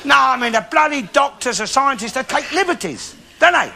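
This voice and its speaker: An actor playing a cantankerous old working-class Londoner, grumbling and swearing through a stand-up monologue to a live audience. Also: male voice, very high-pitched, big pitch swings, brisk, a little hiss or hum, exaggerated voice. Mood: ranting. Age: 70s. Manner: grumbling, ranting, swears often. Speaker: comedian in character. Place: theatre stage. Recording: live TV show with loud audience laughter.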